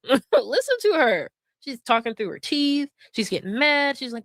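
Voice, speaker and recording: A woman's voice: on the high side, measured pace, a bit bright, no echo. A woman hosting drama commentary, sarcastic and laughing as she mocks and mimics others. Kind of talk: mocking commentary over stream clips.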